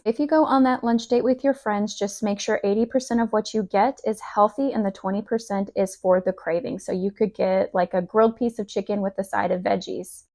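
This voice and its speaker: A woman's voice: on the high side, a little mellow. A woman, a parent, giving casual food advice in an upbeat, encouraging, chatty way. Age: adult parent. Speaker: lifestyle vlogger.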